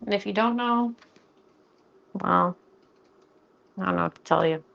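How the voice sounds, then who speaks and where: A woman's voice: medium pitch, vocal fry, fairly bright tone, muffled recording. A young woman chatting playfully with her viewers as she cooks on a live stream, close to the mic. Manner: chatty and playful, jokes with chat, quickens when flustered. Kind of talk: casual live-stream chat while cooking. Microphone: close studio mic.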